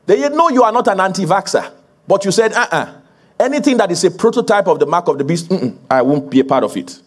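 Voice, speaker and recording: A male pastor delivering a sermon in a fairly high, husky voice. His pitch swings widely as he builds emphasis through repeated phrases, and he breaks into laughter with the congregation. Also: animated, fast. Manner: preaching with rising emphasis and laughter.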